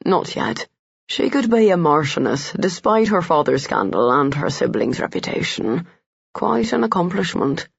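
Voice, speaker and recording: A man reading a gruff, grumbling Irishman. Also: fairly high pitch, big pitch swings, normal speed, no room sound, exaggerated voice. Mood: wry. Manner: dry, grumbling. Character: gruff, wry Irishman, Colin's worldly friend. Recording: dull lo-fi dry audio.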